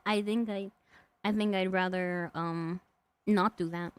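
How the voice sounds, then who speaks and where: A woman's voice: mid-range voice, fairly even intonation, takes it slowly, clear, resonant tone. A woman streamer chatting casually and rambling, laughing often and snacking as she talks. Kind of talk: casual live-stream chat.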